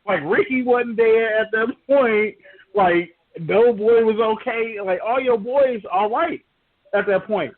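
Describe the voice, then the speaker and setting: High-voiced man on a tinny line. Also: measured pace. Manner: rambling and emphatic, many fillers and restarts. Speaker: sports talk podcast host. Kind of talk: casual sports banter. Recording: tinny phone-like podcast audio.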